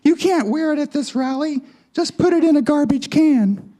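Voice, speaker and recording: Comic puppet show: a man playing a shrill, preachy doll woman with a feminine twang. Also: moderate pace, warm tone. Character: prissy, scolding young woman doll.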